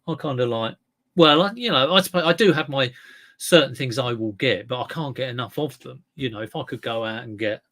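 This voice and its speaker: With a mid-range, fairly bright voice, a man hosts a casual livestream. He reads chat comments aloud and rambles chattily, correcting himself with many restarts and fillers.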